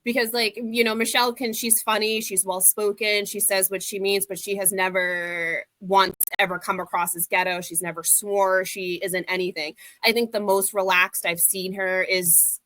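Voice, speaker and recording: A woman's voice: medium pitch, little pitch movement, moderate pace, few pauses, fairly bright tone, no room sound. A woman giving her opinions in a casual panel discussion, talking freely with many "like" fillers. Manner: opinionated, filler-heavy with frequent "like". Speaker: panel guest.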